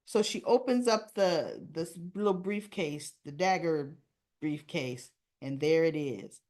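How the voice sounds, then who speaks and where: A woman's voice: deep voice, slow, a little mellow. A woman hosting a soap opera recap, chatting casually and acting out bits of dialogue as she retells the episode. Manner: chatty, acts out lines of dialogue.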